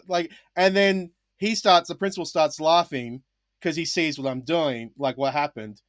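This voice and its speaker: A man's voice: a little high, normal speed, no room sound, clean studio sound. A young man from Australia, a former English teacher, telling a story in a casual podcast chat and acting out the lines of the people in it. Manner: animated, acts out past dialogue.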